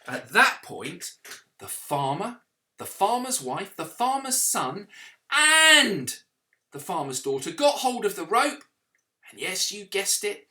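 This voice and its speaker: A man telling a children's story as a vicar, in an animated way, with sound effects and questions to the listening children. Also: high voice, slow.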